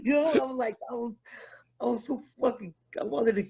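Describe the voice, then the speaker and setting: A man, an army veteran, telling stories in a casual chat, animated and profane, restarting his sentences often. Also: high voice, brisk, slightly rough. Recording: dull lo-fi sound.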